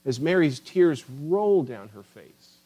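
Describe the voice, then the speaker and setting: Man, preacher, fervent sermon, swings between loud emphasis and quiet asides, fairly high pitch. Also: very animated, slow, rough recording. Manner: impassioned, rising and falling emphasis, addresses listeners as beloved.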